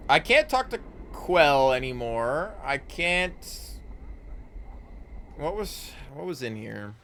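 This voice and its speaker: A male streamer talking through a game in a relaxed, unhurried way, half to himself. His voice is bright and lively in pitch, even when he mumbles and trails off. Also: slight background noise. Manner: muttering to himself, reading game text aloud. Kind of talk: casual gameplay commentary.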